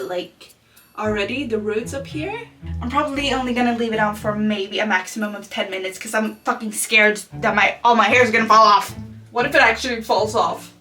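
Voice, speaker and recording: A woman's voice: on the high side, bright, forceful tone. A young woman vlogging casually at home late at night, swearing constantly in a frustrated, self-mocking way. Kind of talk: casual talk to camera. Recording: distant mic with music behind.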